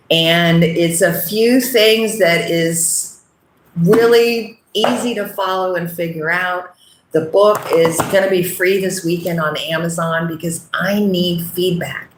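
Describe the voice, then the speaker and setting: Earnest woman host, slow, echoey room. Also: mid-range voice, fairly bright tone. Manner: earnest, repeats "okay?" often. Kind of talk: casual direct-to-camera talk.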